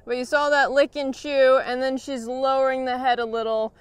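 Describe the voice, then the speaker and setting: A woman horse trainer explaining a training session in a calm, encouraging way, often praising her horse. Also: high-pitched, moderate pace, clean tone, no room sound.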